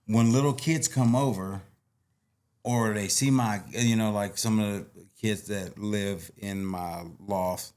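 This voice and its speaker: Low voiced guy, guest on a podcast, laid back, laughs a lot, does little voices for people. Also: steady tone, takes it slowly, a little mellow. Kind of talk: casual storytelling chat.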